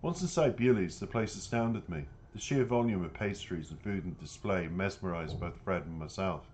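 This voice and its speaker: A man reads aloud from his own novel in a steady first-person narration. His voice is low and deep, unhurried and even. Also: a little hiss or hum. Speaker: author and narrator.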